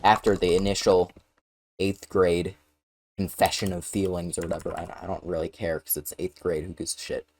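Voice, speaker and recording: A man's voice: deep voice, flat delivery, moderate pace, a little mellow, slight background noise. A man casually recounting a personal story in a blunt, profane, sarcastic way.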